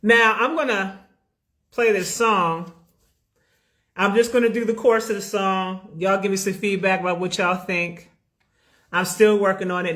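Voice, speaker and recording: A woman's voice: mid-range voice, moderate pace, fairly bright tone. A woman chatting casually on a live stream from her home loft, calling her viewers babies and honey. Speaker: livestream host.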